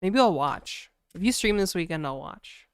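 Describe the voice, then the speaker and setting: Woman streamer, low-pitched, unhurried delivery, casual chat with viewers, dry close sound. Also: animated, clean tone, no room sound. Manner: laid-back, chatty, full of "like" and "dude", laughing often. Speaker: game developer streamer.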